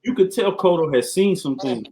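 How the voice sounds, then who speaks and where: A man tells animated, slangy stories about his Navy days as a podcast guest. His voice sits on the high side, and a faint hiss runs behind him. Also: moderate pace, rough recording. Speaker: podcast guest, Navy command master chief. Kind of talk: casual storytelling.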